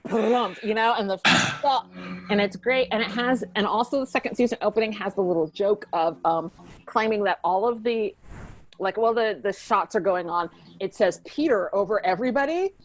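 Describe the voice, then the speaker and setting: A woman's voice: mid-range voice, normal speed, slight background noise, poor audio. A woman hosting a podcast, chatting casually and rambling about a TV episode with lots of fillers and giggles. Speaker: podcast host.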